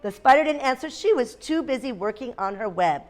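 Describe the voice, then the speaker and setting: Animated woman teacher reading to kids. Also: on the high side, a little fast. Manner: animated, questioning, animal sounds. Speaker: kindergarten teacher. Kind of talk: reading a picture book aloud to a class. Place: classroom.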